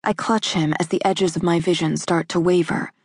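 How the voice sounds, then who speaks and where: Husky woman narrating an audiobook. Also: lowish voice, fairly even intonation, normal speed, a little mellow, no room sound. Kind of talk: first-person romance narration. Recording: dry close studio recording.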